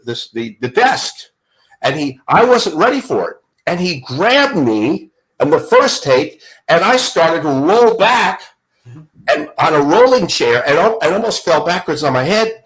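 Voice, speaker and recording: An older broadcaster telling show-business stories, acting out the voices and stumbling through quick restarts. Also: male voice, on the high side, low-quality recording. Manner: storyteller who acts out dialogue, lively restarts. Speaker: guest, broadcaster. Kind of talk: animated anecdote telling.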